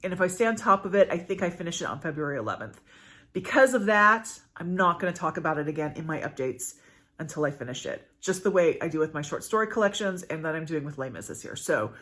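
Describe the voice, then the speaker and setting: Chatty woman with a low, lively voice. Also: fast. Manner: chatty, rambling, frequent fillers and self-corrections. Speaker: book channel host. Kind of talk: casual reading update vlog.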